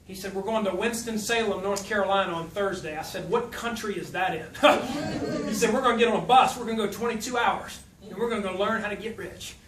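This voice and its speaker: Bright-voiced man speaking in an echoey hall. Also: sits high, brisk, hardly any pauses, far from the mic, a little hiss or hum. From South Louisiana. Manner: folksy, humorous, puts on voices when quoting. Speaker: motivational speaker. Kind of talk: motivational speech with storytelling.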